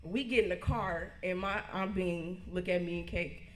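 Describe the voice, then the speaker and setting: A woman, telling a funny story at a birthday party, lively and laughing. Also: on the low side, normal speed. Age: 20s. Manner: lively, laughing, acts out quotes. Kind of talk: storytelling toast. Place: party hall, indoors. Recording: echoey room.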